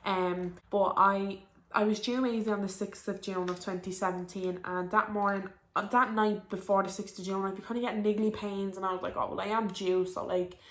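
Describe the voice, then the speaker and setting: A woman's voice: medium pitch, little pitch movement, a little fast. A young woman in her early twenties with a Dublin Irish accent, telling a personal story to camera in a chatty, rambling way full of "um" and "like.". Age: early 20s. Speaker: vlogger. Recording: roomy echo.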